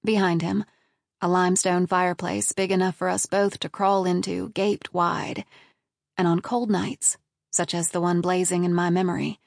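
A woman narrating an audiobook in a measured, even reading. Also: on the low side, gravelly, no room sound, studio quality. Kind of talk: scripted narration.

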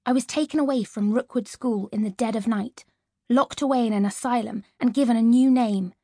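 Woman audiobook narrator, first-person, lively and expressive, breathy, fairly high, dry close studio mic. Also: dry recording.

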